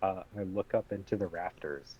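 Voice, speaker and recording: A man playing in a tabletop game, relaxed and hesitant, thinking aloud about his moves. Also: low voice, normal speed, dull audio, slight background noise. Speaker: player. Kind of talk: casual tabletop play.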